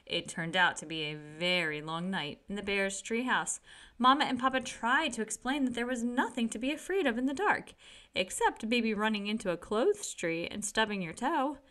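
A woman reading a children's picture book aloud with gentle, expressive storytelling. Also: fairly high pitch, normal speed.

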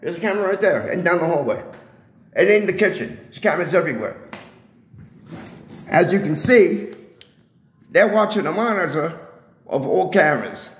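A man films himself confronting building security on a handheld phone, combatively lecturing them and going over his points again and again. His high, animated voice moves at normal speed with long pauses, and the rough recording sounds roomy in the building's indoor public area.

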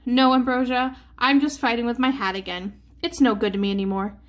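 A woman's voice: on the high side, steady tone, fairly quick, close to an everyday voice. A woman voicing a grumpy old man who grumbles and scolds his worn-out hat in a storybook read-aloud. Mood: grumbling. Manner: scolding, muttering to himself.

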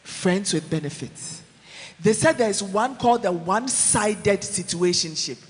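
A man preaching a sermon in a church, animated, mixing English with Twi, swinging from shouts to low asides. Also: unhurried, long reverb tail.

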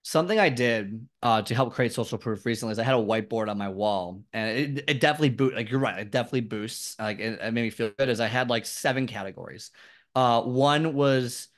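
A man's voice: medium pitch, a little fast. A man, a fitness expert chatting as an interview guest, rambling and self-deprecating as he tells stories. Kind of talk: casual interview storytelling.

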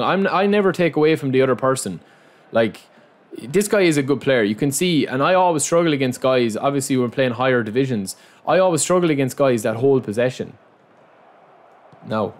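A young man giving running commentary over his own football video game, muttering to himself and breaking into loud outbursts of frustration. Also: mid-range voice, fairly quick. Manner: frustrated, muttering self-talk that bursts into loud outcries at the game. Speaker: gaming channel host.

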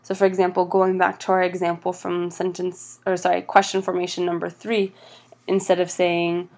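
A woman teaching French grammar over slides, patient and steady, slowing down for each example phrase. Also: on the low side.

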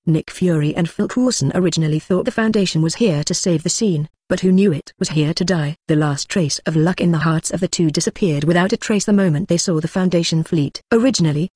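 An audiobook narrator reading a translated web novel, keeping one steady, even delivery through narration and dialogue. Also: medium pitch, no room sound, studio quality.

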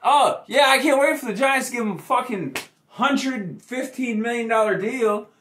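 A man's voice: very high voice, normal speed, a bit bright, a little hiss or hum. A young man who is a sports YouTuber, mocking and gloating through a profane rant with heavy swearing. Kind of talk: profane ranting sports vlog.

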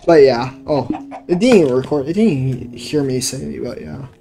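This let's play gamer has a gravelly, expressive mid-range voice and talks at a moderate pace through casual gameplay commentary. He rambles and swears when annoyed, easily frustrated, and the poor audio comes from a cheap home microphone with background music behind him.

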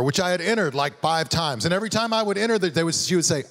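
A man delivers a sermon as a guest pastor. His voice sits a little above the usual male pitch. He preaches in a loose, conversational way and acts out the lines he quotes. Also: expressive, fast, few pauses, fairly bright tone.

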